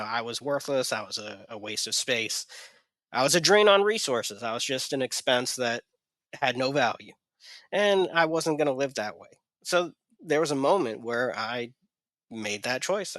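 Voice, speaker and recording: A man shares difficult memories in a candid podcast talk, hesitating and restarting his sentences. His voice is bright and a little tense. The recording is dry, with no room sound. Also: medium pitch, no echo. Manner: halting, hesitant, many restarts. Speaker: podcast guest. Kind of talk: candid personal conversation.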